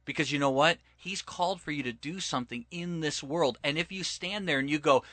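A man's voice: fairly high pitch, animated, fairly quick, sharp tone, no echo. A man teaching from the Bible in conversation, emphatic and preacher-like, retelling scripture stories and acting out the quotes.

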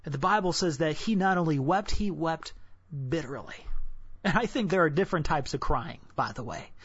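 A preacher giving a devotional sermon in a casual, talky way who sinks into hushed whispers at solemn points. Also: mid-range voice, expressive, normal speed, breathy edge, dry recording. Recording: dull, dry lo-fi recording.

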